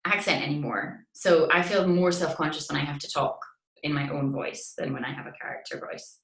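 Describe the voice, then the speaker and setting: A woman's voice: deep voice, brisk, recorded from a distance. A young woman with a light Scottish accent, an actress guest chatting casually and animatedly in an interview. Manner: chatty, animated, full of fillers. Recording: roomy echo.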